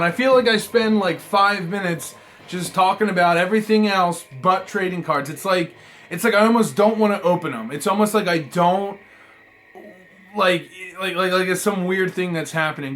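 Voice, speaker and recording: A man reviewing trading cards in a casual vlog, rambling and swearing, swinging between mumbled asides and excited outbursts. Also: high voice. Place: apartment room.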